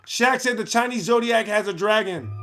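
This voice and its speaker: High-voiced man reading chat live. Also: over music. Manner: playful, breaks into laughter, quick asides to chat. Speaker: livestream host.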